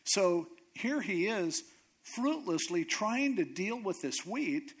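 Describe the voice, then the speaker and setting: A man's voice: high voice, big pitch swings, slow, slightly rough. A man preaching in a casual, conversational way, retelling a story with dry humor. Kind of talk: sermon storytelling.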